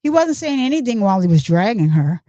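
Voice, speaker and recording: A woman's voice: mid-range voice, sing-song, fast talker, mellow, dry recording, lightly acted. A woman reading the lines of a male witness in court, recounting events with plain, hesitant speech. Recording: dull lo-fi, dry.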